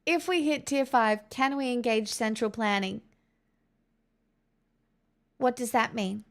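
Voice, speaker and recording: A woman's voice: a little high, takes it slowly. A young woman livestreaming and chatting casually with her viewers in a playful, giggly, teasing way.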